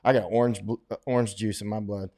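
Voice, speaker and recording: A man's voice: fairly low pitch, steady tone, fast talker, warm tone. A middle-aged American man from Florida, rambling casually as he answers viewer questions on a livestream, often restarting and laughing as he talks. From Florida, United States.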